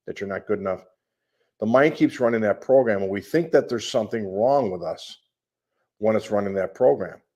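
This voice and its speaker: Man, middle-aged, Midwestern accent, life coach, fairly low voice, emphatic, rattles off long lists. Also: darkish tone. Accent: Midwestern American. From American Midwest. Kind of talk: coaching call talk.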